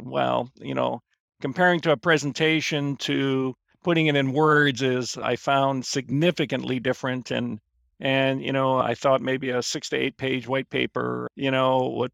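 A man's voice: medium pitch, little pitch movement, moderate pace, gravelly, fairly bright tone, no echo, clean studio sound. A man in his fifties, a guest on a finance podcast, telling his story casually with lots of fillers and restarts. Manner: rambling, many fillers and restarts.

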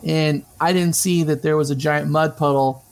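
A man with a slightly high voice tells a personal story as an interview guest. He is lively and laughs easily. He acts out the voices of the people in the story. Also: moderate pace, vocal fry.

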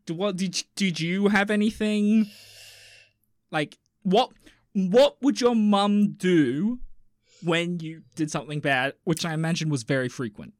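A man in his thirties co-hosting a podcast in casual, joking chat, swinging between loud bursts and mumbles. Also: sits high, a little slow, no echo, clean studio sound. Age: 30s. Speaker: podcast co-host.

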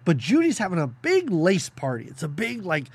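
A man's voice: sits high, wildly swooping pitch, normal speed, husky. A man co-hosting a podcast, casually recapping a movie and acting out characters' lines in jokey asides. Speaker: podcast co-host.

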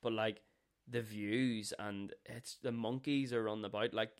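Podcast host: man, lowish voice, animated storyteller who swears freely. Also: a little slow, clean tone. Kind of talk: casual storytelling chat.

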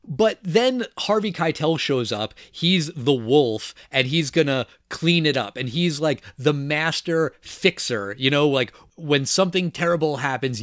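Relaxed man recapping a film, dry sound. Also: medium pitch, no echo. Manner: relaxed, recaps plot with many fillers. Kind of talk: casual film discussion.

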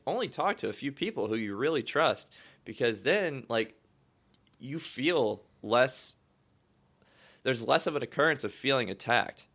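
A man's voice: mid-range voice, creaky, fairly bright tone. A man in a casual chat, speaking loosely and opinionated, drifting into mock quotes of others.

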